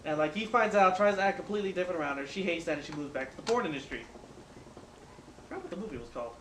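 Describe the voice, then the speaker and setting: A young man hosting a casual chat, telling animated stories with friends in a room. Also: sits high, fast talker. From Filipino. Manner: animated storyteller, acts out quoted people. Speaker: podcast host. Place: room with friends smoking hookah. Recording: echoey room with faint background noise.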